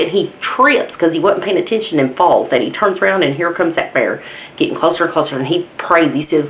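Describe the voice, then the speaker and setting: A woman's voice: lowish voice, lively intonation, fairly quick. A woman telling jokes in a folksy, casual way and chuckling at her own punchlines. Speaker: joke teller. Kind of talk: casual joke telling to camera. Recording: dull lo-fi home video with faint hiss.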